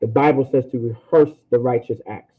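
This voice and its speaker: A man teaches a language class in a relaxed, repetitive way, slowly sounding out words for his students. His voice sits at an ordinary pitch and comes through a narrow, tinny line like a phone call. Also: slightly rough.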